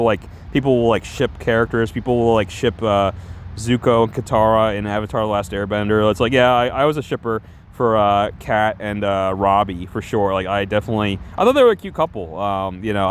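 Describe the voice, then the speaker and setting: A man's voice: mid-range voice, a little hiss or hum. Rambling, self-conscious male streamer. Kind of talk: casual livestream chat.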